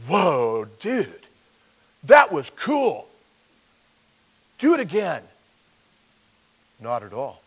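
A man's voice: fairly high pitch, rough recording. A man as pastor, teaching a verse-by-verse sermon in a conversational way and acting out the voices he quotes.

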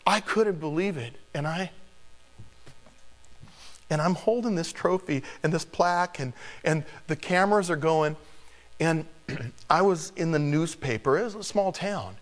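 A man preaching a sermon, telling a personal story in an animated, chuckling way. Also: on the high side, measured pace. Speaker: pastor. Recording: long hall reverb.

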